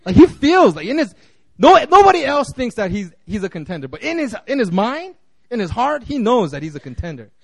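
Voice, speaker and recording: A man with a high voice preaches in an easygoing, conversational way, tripping over restarts and little fillers. The sound is close and dry. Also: big pitch swings, a little fast, vocal fry, a bit bright, breathy edge, dry recording. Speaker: guest preacher. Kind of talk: casual sermon.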